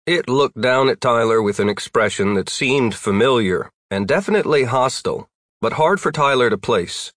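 A man narrating a storybook audiobook in an even, wry storytelling manner on a close mic. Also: mid-range voice, moderate pace, no room sound.

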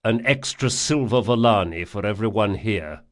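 A man voicing a calm wealthy gentleman. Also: lowish voice, moderate pace, close to an everyday voice. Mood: amused.

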